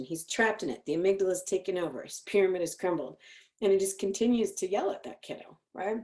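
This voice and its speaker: Animated woman psychologist telling stories. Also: fairly low pitch, a little fast. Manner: animated storytelling, acting out quotes. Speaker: clinical psychologist presenting. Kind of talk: educational talk.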